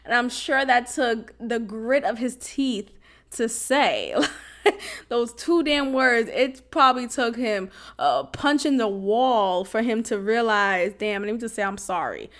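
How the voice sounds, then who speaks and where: A woman's voice: on the high side, animated, slow. A young woman hosting a podcast, telling a personal story in a blunt, casual way with slang and frequent laughter. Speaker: podcast host.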